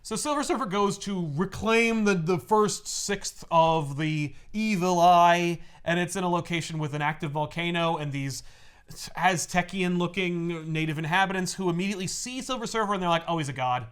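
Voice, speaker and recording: A man hosting a casual podcast, recapping a comic in an animated way and acting out the characters. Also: high voice, moderate pace, clear, resonant tone. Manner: animated, laughing, acts out characters. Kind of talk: casual chat.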